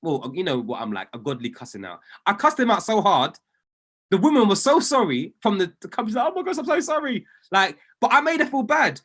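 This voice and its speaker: A man gives a motivational talk to a room of traders, his pitch leaping and dipping all through. He leans on repetition and emphasis the way a preacher would, building each point as a story. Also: very animated, fairly quick, a bit bright. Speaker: trading coach.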